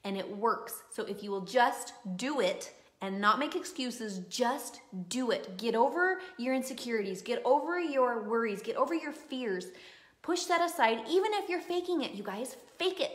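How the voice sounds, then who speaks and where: Woman, higher voice, gushing live-stream coach, chatty, echoey room. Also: a bit bright. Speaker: online course instructor. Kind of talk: live-stream class, reading viewer comments.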